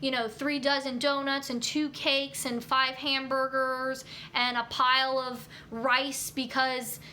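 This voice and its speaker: A young woman talks through a casual live stream about nutrition, answering viewer comments as they come in. Her voice is bright and sits a bit high, and she fills her answers with ums and you-knows. A faint hum of room noise runs underneath. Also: little pitch movement, takes it slowly. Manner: chatty, many fillers like um and you know.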